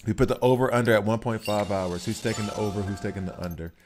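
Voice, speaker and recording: A man giving live commentary on a game he is playing, talking to the characters on screen and reacting out loud. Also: on the low side, quick pace, over music. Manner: excitable, talks to the game characters. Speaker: gaming streamer.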